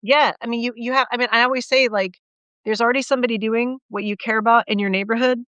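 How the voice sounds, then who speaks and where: A woman's voice: a little high, fairly even intonation, a bit bright, smooth, dry recording, lo-fi sound. A woman guest on a live video call, talking passionately and filling her speech with "like" and restarts. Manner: passionate, fast, lots of "like" and restarts. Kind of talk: casual conversation on a live stream.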